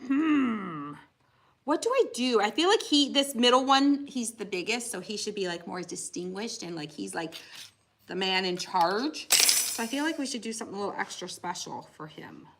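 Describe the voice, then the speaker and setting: A woman's voice: medium pitch, expressive, normal speed, background noise. A woman co-hosting a casual crafting livestream, telling stories with lots of acted-out quotes. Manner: chatty storyteller, acts out quotes. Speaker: livestream co-host. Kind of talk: casual chat while crafting.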